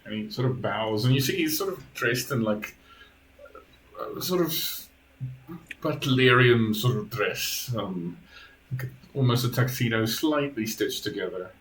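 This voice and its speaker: A man running a tabletop game as dungeon master, narrating at a slow, unhurried pace. His voice sits in an ordinary middle register, and he loosely hedges his descriptions with small fillers. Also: mid-range voice, animated, fairly bright tone, rough recording.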